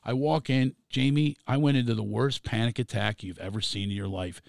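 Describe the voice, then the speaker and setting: Gravelly comedian telling a wild story. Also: male voice, mid-range voice, fairly quick, no echo. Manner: animated, acts out voices, laughs through his lines. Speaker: comedian guest. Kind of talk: storytelling anecdote on a podcast.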